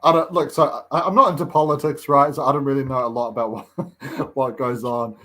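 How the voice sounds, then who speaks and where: A man's voice: mid-range voice, fairly even intonation, fairly quick, sharp tone. A man co-hosting a podcast, speaking casually with hesitant, filler-heavy phrasing. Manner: hesitant, lots of filler words. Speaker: podcast co-host. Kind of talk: casual chat.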